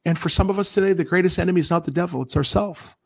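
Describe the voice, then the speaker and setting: A guest speaker on a Christian broadcast, a man whose gravelly voice sits high with a darkish tone, gives an earnest personal testimony. He preaches emphatically and keeps restarting his sentences with rapid self-corrections.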